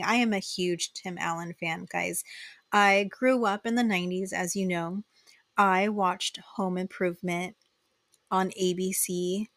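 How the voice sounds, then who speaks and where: A woman's voice: mid-range voice, fairly bright tone, no room sound. A woman in her thirties hosting a podcast, chatting enthusiastically to her listeners about a trip. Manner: chatty and enthusiastic, addresses listeners as "you guys". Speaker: podcast host. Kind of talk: casual solo podcast recap.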